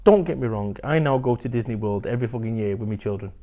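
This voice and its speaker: An English motivational speaker talks fast in a medium-pitched, warm voice. In a candid interview he's blunt and animated, swearing freely.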